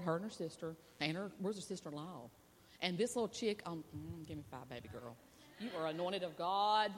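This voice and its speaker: A woman preacher telling a folksy, animated story in a sermon at a women's conference, laughing and acting out the voices. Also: mid-range voice, brisk, breathy edge. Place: stage at a women's conference with a hall's reverb. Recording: long hall reverb.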